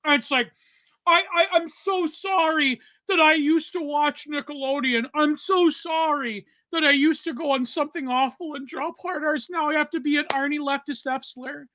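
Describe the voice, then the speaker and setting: A young man rants on a casual podcast, swearing hard and sounding fed up. His voice is bright and forward, and it is recorded close and dry with no room sound. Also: extremely high pitch, fairly even intonation, moderate pace, no echo. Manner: profane, ranting, exasperated. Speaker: podcast co-host. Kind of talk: heated casual podcast rant.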